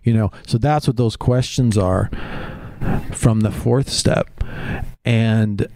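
A man in his forties giving a candid, profane personal share at a twelve-step meeting, halting with fillers, into a microphone. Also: on the low side, background noise. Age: 40s. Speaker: member sharing at a recovery meeting. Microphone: handheld microphone on a PA.

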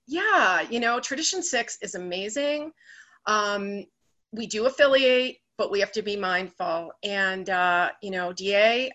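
A woman speaking earnestly at an online recovery meeting, conversational, with many fillers and pauses. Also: mid-range voice, bright, forceful tone. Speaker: member sharing at a recovery meeting. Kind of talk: personal share on a video call. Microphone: video call.

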